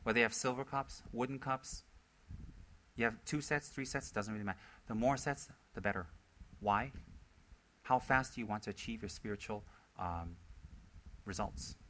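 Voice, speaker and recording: A man's voice: on the low side, moderate pace, long pauses, sharp tone, a little hiss or hum, rough recording. A man teaching Buddhism in a loose, conversational talk, repeating words for emphasis and acting out the people he quotes. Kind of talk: informal dharma talk.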